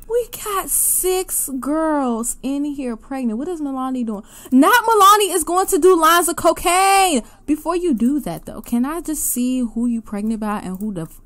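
Animated woman reacting to a life-sim game. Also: high-pitched. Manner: excitable, gasping and laughing reactions, loud outbursts. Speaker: gaming channel host. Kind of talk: casual game commentary.

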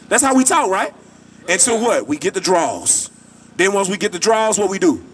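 Man preaching outside, high voice, kinda far off with some street noise. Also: big pitch swings, normal speed, fairly bright tone. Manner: emphatic, repetitive, colloquial. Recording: distant mic, traffic noise.

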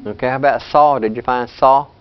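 A man teaching a language class, talking in a relaxed, chatty way and laughing often. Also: medium pitch, brisk, smooth, lo-fi sound. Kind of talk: classroom lesson.

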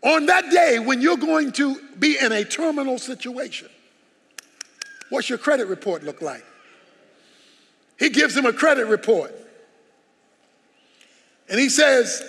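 A man's voice: very high-pitched, very animated, a little slow, pauses often, fairly bright tone, slightly rough. A man preaching a sermon as pastor, emphatic and full of rhetorical questions. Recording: long hall reverb.

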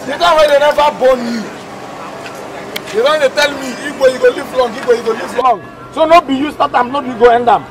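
A man's voice: very high voice, a little fast. A man with a Nigerian accent playing a blustering, mocking village king who bullies his subjects. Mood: scornful. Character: domineering male village king, mocking and threatening. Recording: outdoor crowd and street noise.

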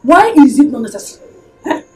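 A woman's voice: on the high side, very animated, quick pace. An indignant Nigerian mother. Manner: indignant, challenging questions.

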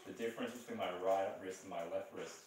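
Lively deep-voiced man, echoey far mic. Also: fast, slight background noise. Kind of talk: casual banter.

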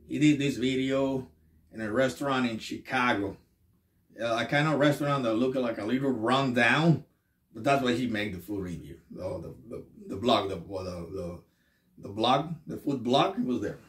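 A man vlogging in casual chat, halting and repeating words as he trails off. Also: mid-range voice, recorded from a distance. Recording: echoey room.

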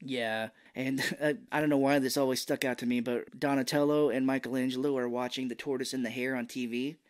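A male podcast co-host in an easy, chatty recap of an old favorite film. His voice sits at an ordinary middle pitch, and he keeps slipping into goofy impressions of the characters as he tells it. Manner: animated retelling, breaks into quick silly character voices. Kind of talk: casual movie recap chat.

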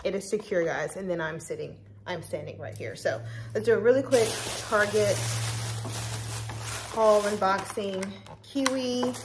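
A woman's voice: mid-range voice, slight background noise, rough recording. Chatty woman vlogging to her viewers. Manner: chatty, talks straight to viewers. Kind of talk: casual vlog chat. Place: store and then home.

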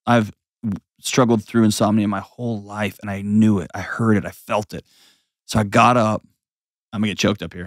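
A man's voice: on the low side, dry recording, clean studio sound. A man in his forties hosting an advice show, talking emphatically and bluntly, with mocking put-on voices and heartfelt stories. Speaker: host giving advice. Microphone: studio mic.

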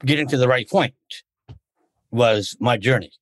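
A man chatting as a guest in an interview, wandering off into stories and often breaking off to restart his thought. His voice sits at an ordinary middle pitch. The recording is close and dry, with no room sound. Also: unhurried, no echo. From United States. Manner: rambling storyteller, restarts often. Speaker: podcast guest, martial arts instructor. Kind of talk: casual interview conversation.

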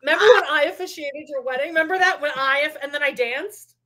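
A woman putting on a mocking impression of a boastful middle-aged man, shouting and exaggerated. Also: high voice, fast.

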